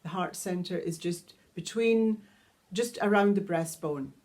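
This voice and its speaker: A woman teaching a guided vocal toning lesson, calmly explaining each step and singing long vowel tones. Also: lowish voice, measured pace. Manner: calm, instructive, demonstrates sustained vowel tones. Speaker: sound healing teacher.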